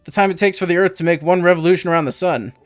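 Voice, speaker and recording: A man's voice: high voice, racing, dry recording, close to an everyday voice. A man voicing a lost, polite young male newcomer in a game, asking earnest questions.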